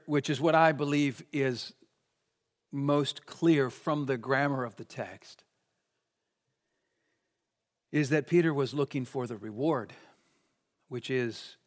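A man preaching an expository sermon, emphatic, swinging between raised and hushed delivery, in a church sanctuary. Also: medium pitch. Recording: long reverb of a large hall.

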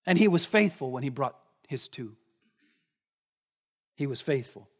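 A man's voice: mid-range voice, lively intonation, unhurried, husky. A man preaching a sermon in a conversational way, often asking the listeners questions. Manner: conversational, asks the congregation questions.

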